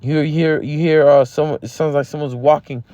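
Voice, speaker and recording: A man's voice: on the high side, fairly even intonation, brisk, mellow, no echo, highs cut off. A man teaching from scripture in a loose street style, repeating words and dropping "man" at the ends of lines. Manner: casual, repeats words and says "man" often. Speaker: camp teacher.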